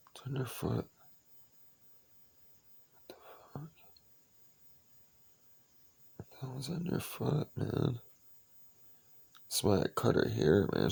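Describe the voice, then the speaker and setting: Gravelly man cooing at his kitten. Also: on the low side, a little mellow. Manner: cooing baby talk mixed with casual swearing. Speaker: pet owner. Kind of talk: casual late-night talk to a kitten.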